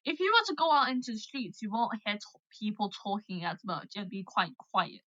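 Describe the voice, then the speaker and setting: A woman's voice: mid-range voice, sing-song, fairly quick, pushed and bright, muffled recording. A young woman with a British accent, hosting a casual live chat with callers in a loose, chatty way, full of fillers. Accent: British English. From United Kingdom. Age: young adult. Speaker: livestream host.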